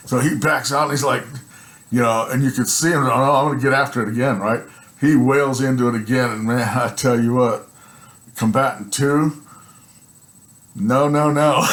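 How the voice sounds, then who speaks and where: A medium-pitched man tells a personal story casually, rambling and animated, swearing and laughing often. He keeps checking in with his listener through "right?" and "you know."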